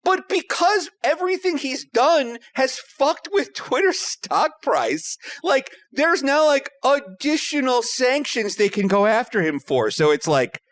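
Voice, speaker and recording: A man with a high, bouncy voice that swings all over the place, talking on a podcast in an animated, emphatic way. He swears freely, and the sound is dry and close to the mic. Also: unhurried, few pauses, no echo. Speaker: podcast panelist. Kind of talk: casual podcast chat.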